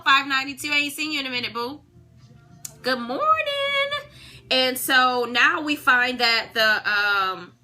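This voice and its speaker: Bright-voiced woman hosting a live book talk. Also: a little high. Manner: conversational, preacherly, checks in with "right?". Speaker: live-stream host reading a self-help book. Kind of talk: live-stream book discussion.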